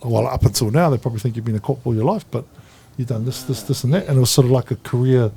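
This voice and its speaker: A man's voice: mid-range voice, fast talker, gravelly, warm tone, breathy edge. A man with a New Zealand accent hosting a podcast, joking and laughing as he chats with his guests. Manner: jokey, laughing, calls guests bro. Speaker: podcast host. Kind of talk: casual chat.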